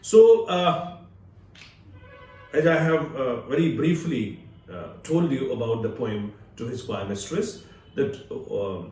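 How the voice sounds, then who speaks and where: A male literature professor with an Indian English accent giving a recorded video lecture, measured and explanatory with frequent "uh" fillers. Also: mid-range voice, lively intonation, a little mellow, distant mic, faint music behind. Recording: echoey room, speaker away from mic.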